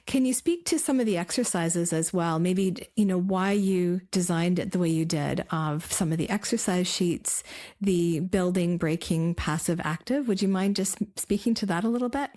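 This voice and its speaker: Brief: female podcast host, lowish voice, appreciative interviewer. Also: normal speed, darkish tone.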